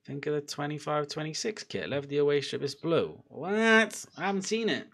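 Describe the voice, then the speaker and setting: A young man chatting casually during a live football watchalong, laughing and bursting out loudly at chances. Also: a little high, normal speed. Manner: excitable, laughing, loud outbursts at chances. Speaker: football fan streamer.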